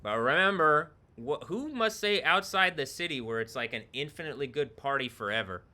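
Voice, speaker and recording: A man's voice: medium pitch, lively intonation, a little fast, pushed and bright. A man streaming alone, talking in a rambling, profane way and laughing between remarks. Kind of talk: rambling solo livestream talk. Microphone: computer microphone.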